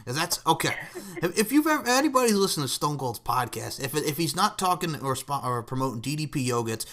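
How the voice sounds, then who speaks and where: A man's voice: a little high, animated, a little fast, pushed and bright. A man hosting a podcast in casual chat, joking and rambling as he talks. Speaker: podcast host.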